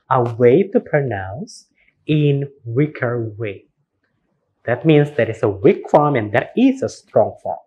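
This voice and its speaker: An Indonesian man giving a recorded university lecture, spelling words out letter by letter and repeating them slowly. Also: mid-range voice, husky.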